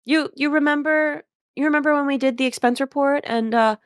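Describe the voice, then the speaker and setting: A woman's voice: sits high, brisk, no echo, studio quality, pitched above the performer's own voice, close to an everyday voice. A woman voicing an embarrassed young man about to start college, pleading with his mother. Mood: exasperated. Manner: pleading, exasperated.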